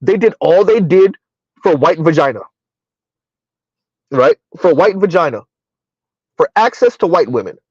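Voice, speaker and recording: A middle-aged man hosts a casual live-stream commentary, rambling along with frequent fillers and short laughs. His voice sits a bit high for a man. The recording is dull and lo-fi, with a dry, close sound. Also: animated, measured pace, long pauses, husky, dry recording. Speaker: commentary channel host.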